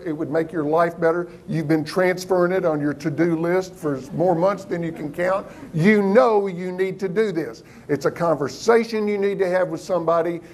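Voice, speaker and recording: A man giving a motivational business talk to a live audience, lively and engaging, often putting questions to the room. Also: fairly high pitch, a little hiss or hum. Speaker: keynote business speaker.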